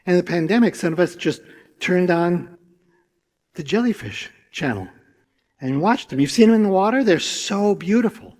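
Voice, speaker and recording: A man's voice: high-pitched, animated, moderate pace, a little mellow. A man in his sixties telling stories on stage to a live audience, chatty and drawing the crowd in with questions. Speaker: storyteller. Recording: long reverb from a large hall.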